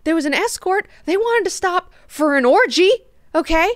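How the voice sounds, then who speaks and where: A woman's voice: very high voice, animated, moderate pace, no echo, studio quality, pitched above the performer's own voice. A woman voicing a weary, all-knowing ruler who talks in flippant, slangy, exasperated tones.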